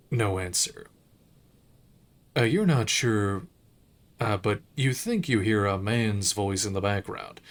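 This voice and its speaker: A man streaming a game, reading its narration aloud in a measured, unhurried way with occasional slips. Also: fairly low pitch.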